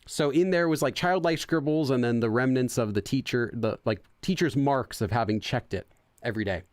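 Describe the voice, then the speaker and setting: A man's voice: mid-range voice, fairly quick, dry recording. A young man hosting a casual let's-play, chatting, laughing often and translating game text as he goes. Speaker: gaming channel host.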